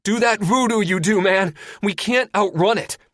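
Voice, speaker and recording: A man's voice: sits high, normal speed, a bit bright, dry recording, clean studio sound, pitched above the performer's own voice. A man voicing a brash, commanding male fighter pilot who barks orders and swears in an audiobook. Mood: shouting. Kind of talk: audiobook character voice.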